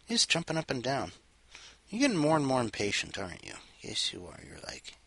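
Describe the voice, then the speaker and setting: A man's voice: medium pitch, huge pitch swings, moderate pace, fairly bright tone, slightly rough, no room sound. A man hosting a casual home show, chatting playfully with his cat between rambling jokes. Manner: rambling, playful, jokey asides. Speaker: podcast host.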